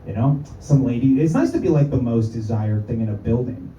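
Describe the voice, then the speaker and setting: A man's voice: medium pitch, brisk, mellow, a little hiss or hum. A man doing a stand-up set, crude and self-mocking, full of rambling asides. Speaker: stand-up comedian. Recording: echoey room, far from the mic, dull.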